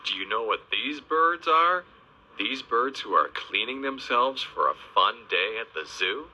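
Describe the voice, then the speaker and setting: A man narrating a children's video in a slow, sing-song teaching voice, stressing each animal name with gentle, exaggerated emphasis. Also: mid-range voice, expressive. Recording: dull, lo-fi old video soundtrack.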